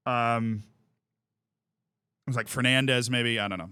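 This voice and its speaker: A man chatting casually on a live stream, telling stories in an animated way and laughing often. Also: mid-range voice, unhurried, pauses often, clean tone, dry recording.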